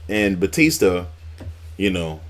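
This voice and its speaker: A man's voice: low-pitched, very animated, slow pace. A man casually recapping old wrestling storylines, rambling and swearing now and then. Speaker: wrestling YouTuber.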